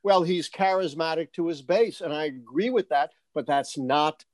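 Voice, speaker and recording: A male historian from New York with a slightly higher voice, explaining his views in a confident, lecturing way with an easy laugh. The sound is dry and close. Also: normal speed, dry recording. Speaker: guest historian. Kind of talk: interview answers.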